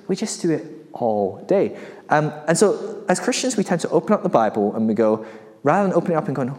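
A man giving a sermon in a conversational, animated way, often acting out quoted voices and restarting his sentences. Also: a little high, quick pace. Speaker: preacher. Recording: reverberant hall.

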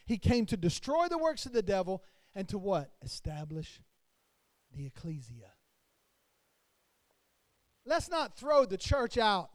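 A man, a pastor, preaching a sermon to his congregation with his voice rising and falling in loudness. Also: very high-pitched, dry recording.

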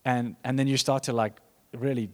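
A man's voice: mid-range voice, fairly even intonation, moderate pace. A man preaching a sermon in a conversational, rambling way, restarting his sentences and breaking into asides.

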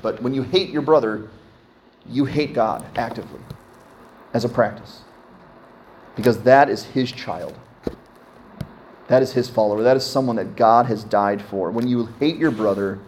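A man's voice: medium pitch, a little mellow, slight background noise. A man in his thirties, a pastor preaching a sermon in a conversational way, often asking his congregation questions.

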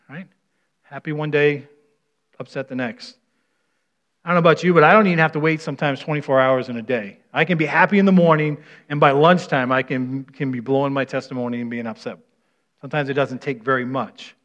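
A man's voice: medium pitch, steady tone, a little fast, a bit bright. Folksy middle-aged male preacher, lo-fi. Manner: folksy, storytelling, frequent restarts and repeated words. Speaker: pastor. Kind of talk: conversational sermon. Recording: dull lo-fi sound.

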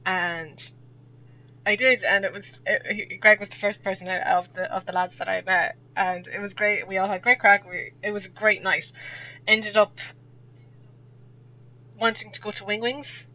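A woman's voice: medium pitch, fairly even intonation, moderate pace, pushed and bright. A young Irish woman telling a rambling story in casual chat, laughing often as a podcast guest. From Ireland. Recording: dull lo-fi audio.

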